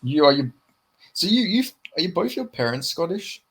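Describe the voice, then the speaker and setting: A young man with an Australian accent in a casual podcast chat, relaxed and sweary, often restarting his sentences. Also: on the high side, normal speed, husky. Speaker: podcast co-host.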